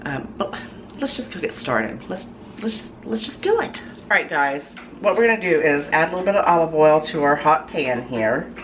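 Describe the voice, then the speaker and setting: A woman with a deep, animated voice and a moderate pace hosts her own cooking channel from her home kitchen, where food sizzles in a pan. She walks through a recipe casually and chattily, with lots of ums and restarts. The recording is rough, with slight background noise.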